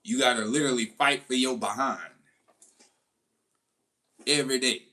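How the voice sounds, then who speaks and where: Medium in pitch and moderate in pace, a man's voice carries a loose, lively commentary monologue. As the host, he trades in slang and stories, often breaking into laughter.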